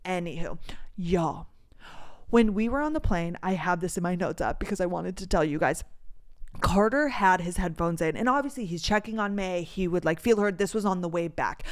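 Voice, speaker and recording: A young woman from North Dakota hosting a casual solo podcast, telling stories with animated energy, acting out dialogue and swearing freely. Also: fairly low pitch, normal speed. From North Dakota, USA. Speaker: podcast host.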